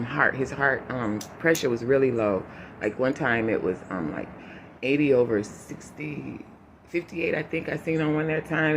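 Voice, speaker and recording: A man's voice: mid-range voice, a little hiss or hum. Emotional man talking through tears. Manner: halting, with many fillers and restarts, holding back tears. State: emotional, choking up. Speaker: vlogger giving a family update. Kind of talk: unscripted personal update to viewers.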